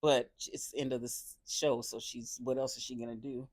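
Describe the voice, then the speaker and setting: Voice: mid-range voice, flat delivery, fairly quick, darkish tone, no echo. Chatty, opinionated recapper with a dry sound. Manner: chatty, opinionated, sarcastic asides; loose delivery with many fillers and restarts. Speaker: reality show reviewer. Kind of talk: casual episode recap.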